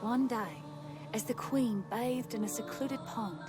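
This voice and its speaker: A woman narrating a fairy tale in an English anime dub, calm and measured. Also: fairly high pitch, over music.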